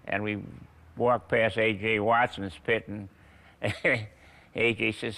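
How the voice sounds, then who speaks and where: Gravelly-voiced man in his eighties. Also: lowish voice, level tone, sharp tone. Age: 80s. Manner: unhurried, chuckling raconteur with fillers. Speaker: veteran racing broadcaster, guest. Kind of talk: anecdotal storytelling.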